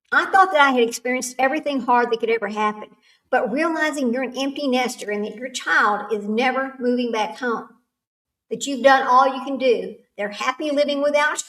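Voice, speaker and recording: A woman's voice: fairly high pitch, fairly bright tone. A woman, hosting a casual livestream chat, rambling and laughing often. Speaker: livestream host. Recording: echoey room, far from the mic.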